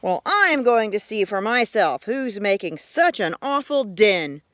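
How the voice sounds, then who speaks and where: A woman's voice: medium pitch, big pitch swings, unhurried, fairly bright tone, dry recording, studio quality. A woman voicing a cranky male possum in a storybook read-aloud, indignant and demanding. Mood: determined.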